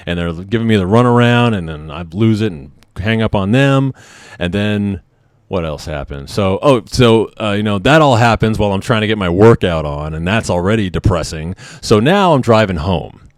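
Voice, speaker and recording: Man, 30s, service member, emotional confessional vlog, agitated profane venting, lowish voice. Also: animated, normal speed, clean tone, no room sound, studio quality. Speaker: military member vlogger.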